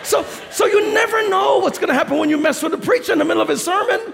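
This New York–accented pastor preaches at a quick pace to a big auditorium, his gravelly voice pitched unusually high. Stories spill out animatedly, punchlines shouted through laughter, and a long reverb trails every word.

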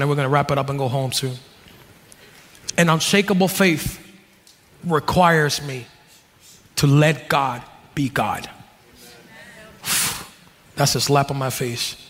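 A man in his thirties, a pastor, preaching a sermon with jokes, dropping to low asides and rising to shouted peaks. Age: 30s. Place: church hall. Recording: long reverb of a large hall.

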